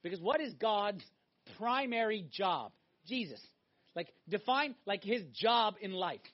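A man preaching a sermon, emphatic and animated, swinging between loud exhortation and hushed intensity. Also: sits high, measured pace. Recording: dull lo-fi recording.

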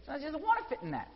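A man preaching a sermon, telling the story with animated voices for the people in it. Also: extremely high pitch. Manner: animated storytelling, acting out quotes. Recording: dull sound in a reverberant hall.

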